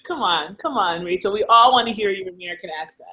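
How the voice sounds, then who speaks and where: A woman's voice: medium pitch, fast talker, pushed and bright, low-quality recording. A woman, co-hosting a casual video chat, who laughs often and teases her friend. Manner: giggly, laughs often between lines; teasing, coaxing. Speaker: co-host of a live video chat.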